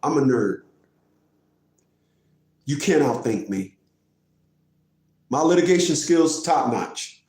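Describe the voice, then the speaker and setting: A man telling a courtroom story as a family court advocate, acting out the other people in the story with high, exaggerated voices and mocking the listener. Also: expressive, slow pace, long pauses, darkish tone. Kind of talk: animated storytelling rant. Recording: echoey room.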